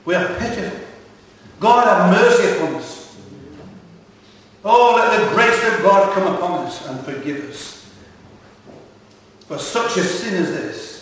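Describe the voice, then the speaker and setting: A man preaching a sermon, earnest and deliberate, asking rhetorical questions and quoting scripture, recorded in a large church hall. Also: high-pitched, lively intonation, slight background noise. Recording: echoey hall heard from far off.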